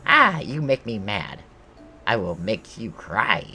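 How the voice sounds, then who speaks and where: A man's voice: fairly low pitch, sing-song, takes it slowly, sharp tone, soft background music, full character voice. A man voicing dim, boastful male goblin warriors who talk in broken grammar, in a video game playthrough.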